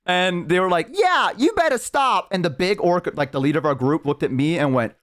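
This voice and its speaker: A man's voice: fairly high pitch, quick pace. A young man streaming, telling a long story in casual, rambling, profane chat full of "like". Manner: rambling, profane, heavy use of "like".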